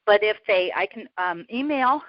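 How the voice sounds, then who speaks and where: A woman guest chatting in an interview, lively and self-deprecating, laughing often and a bit out of breath from walking around. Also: medium pitch, moderate pace, dry recording, muffled recording. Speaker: guest, author and prayer coach. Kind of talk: casual interview chat.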